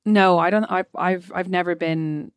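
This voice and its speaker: A woman's voice: on the low side, fairly even intonation, moderate pace, clean tone, no echo. An Irish woman in her thirties co-hosting a podcast, chatting casually and self-deprecatingly. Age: 30s. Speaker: podcast co-host. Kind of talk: casual chat.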